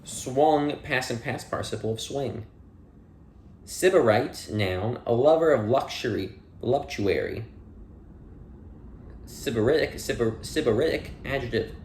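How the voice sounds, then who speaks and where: Male reader, mid-pitched, dry and plain, reads dictionary entries in a reverberant room. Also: lively intonation, measured pace, darkish tone, a little hiss or hum. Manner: plain reading with dry asides and playful slips. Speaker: audiobook reader. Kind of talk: reading dictionary entries aloud.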